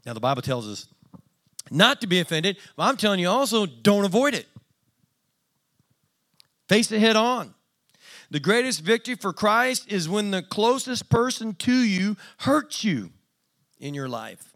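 A man's voice: high voice, sing-song, measured pace, pauses often, fairly bright tone. Plain-spoken man preaching a sermon. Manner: plain-spoken and self-deprecating, with dry humor. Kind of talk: conversational sermon.

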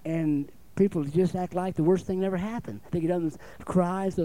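A man's voice: sits high, fairly even intonation, fairly quick, dark tone, rough recording. A man preaching a sermon in a folksy way, often calling out for an amen. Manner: folksy, calls for amens, acts out little dialogues.

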